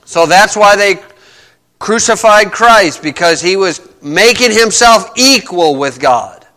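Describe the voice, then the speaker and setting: Bright, high-voiced preacher man. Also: animated, slow. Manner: emphatic, repeats key phrases, frequent "okay"; clears throat often. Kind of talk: Bible teaching sermon.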